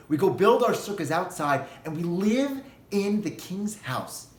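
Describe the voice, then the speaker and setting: A high-voiced male rabbi preaching a holiday sermon, telling a parable with animated storytelling energy. His voice rings in an echoey room. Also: unhurried, few pauses.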